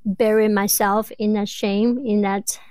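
A woman in her thirties from rural China, a Chinese native speaker, talking as an interview guest with a clear stutter of repeated sounds and blocks. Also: medium pitch, little pitch movement, measured pace, darkish tone, no room sound. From rural southwest China. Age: 30s. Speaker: guest, doctoral student. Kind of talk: interview conversation.

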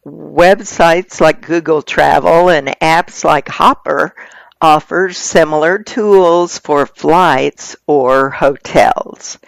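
A reader reading magazine articles aloud in a steady, measured way. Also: mid-range voice, gravelly, dry recording.

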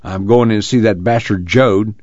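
A man reading an audiobook, voicing an enraged grown man who shouts accusations, in a dull lo-fi radio recording. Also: on the low side, fairly even intonation, normal speed, no room sound, pitched above the performer's own voice, lightly acted. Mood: angry.

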